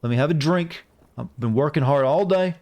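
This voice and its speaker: A man's voice: normal speed, a little mellow, natural voice. A man putting on the voice of a worn-out, grumpy adult who swears and shoos someone outside so he can have a drink. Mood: exasperated. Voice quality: raised pitch, swearing, exasperated.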